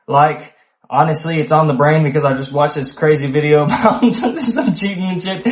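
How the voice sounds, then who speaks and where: A man's voice: a little high, normal speed. Man, solo video host, laid-back reflective monologue, poor mic in an echoey room. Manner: loose and conversational, swears, many fillers.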